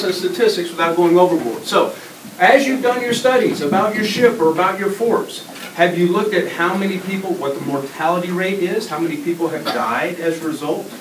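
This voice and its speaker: A middle-aged man giving an energetic, interactive presentation to a school class, often asking the children questions. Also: sits high. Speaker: guest presenter. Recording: echoey classroom taped from far off with noise.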